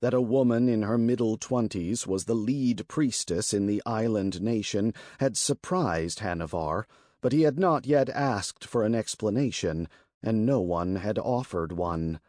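A male narrator reads a fantasy story in a slow, deliberate way. His pitch moves widely as he reads. The recording is dry and close, with no room sound. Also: no room sound. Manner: slow, deliberate and expressive reading. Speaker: audiobook narrator.

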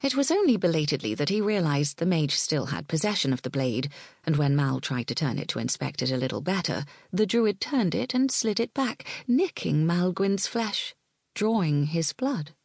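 A woman narrating an audiobook in a measured, expressive way that dips into whispers. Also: low voice, breathy edge, dry recording, clean studio sound.

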